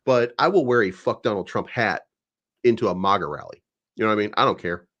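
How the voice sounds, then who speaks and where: Blunt cursing guy from kentucky, kinda low voice, fired up chat. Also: fast talker, muffled recording. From Kentucky, USA. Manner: blunt, profane, animated. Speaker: guest. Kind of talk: casual debate chat.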